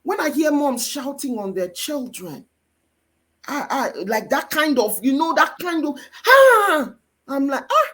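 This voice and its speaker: A woman's voice: high-pitched, lively intonation, unhurried, fairly bright tone. A woman with a Nigerian accent giving a faith-based marriage teaching as guest mentor, with an emphatic, preacher-like delivery.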